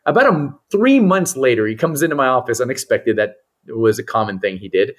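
Lively, husky-voiced man telling a story. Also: mid-range voice, a little fast. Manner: animated storyteller who acts out the people he quotes. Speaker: guest, mental performance coach. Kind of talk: storytelling on a podcast.

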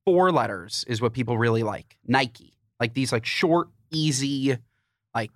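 A man co-hosting a podcast, chatting casually and joking with quick asides. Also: mid-range voice, lively intonation, no room sound, studio quality. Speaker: podcast co-host. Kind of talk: casual chat.

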